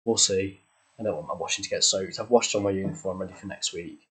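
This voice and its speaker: A man's voice: deep voice, fast talker, fairly bright tone, breathy edge. A young man casually talking over his gameplay footage, rambling and self-deprecating, easily losing his train of thought. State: out of breath. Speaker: gaming channel creator.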